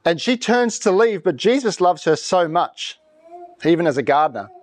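Male pastor, somewhat high voice, conversational and animated sermon delivery in church. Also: normal speed. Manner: conversational, animated preaching with rhetorical questions.

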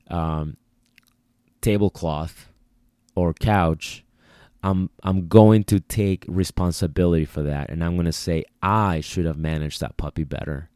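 A man's voice: low-pitched, warm tone, dry recording, clean studio sound. A man who trains dogs, talking casually and repeating himself as he explains puppy biting. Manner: conversational, repeats himself, voices the puppy's thoughts. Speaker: dog trainer. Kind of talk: casual instructional talk.

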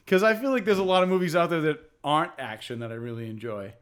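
A man's voice: a little high, quick pace. A man hosting a podcast in casual chat, laughing often and repeating himself as he talks. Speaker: podcast host.

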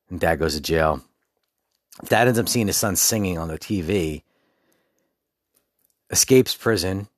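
A man with a very low, deep voice hosts a casual solo podcast. He talks in a candid, loose and conversational way, and the sound is close and dry with no room echo. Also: expressive, measured pace. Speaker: podcast host.

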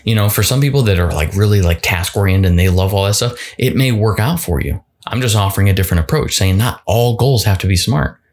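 Man, deep voice, solo podcast host, loose motivational chat, repeats himself. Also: brisk, few pauses, a little mellow. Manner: casual and conversational, restarts and repeats words.

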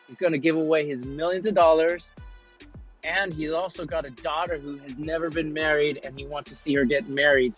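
A man hosting a podcast, telling a motivational story in an earnest way, often repeating himself and restarting his sentences. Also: fairly high pitch. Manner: repetitive, earnest, stumbling restarts. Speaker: podcast host. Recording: muffled lo-fi with faint music.

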